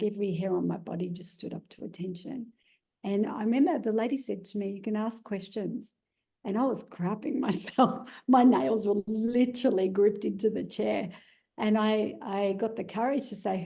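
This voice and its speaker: An Australian woman tells a deeply personal story in an earnest, searching way, often pausing on "you know". Her voice is low-toned and mellow with a gravelly edge. She speaks at a middle pitch. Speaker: guest telling her story.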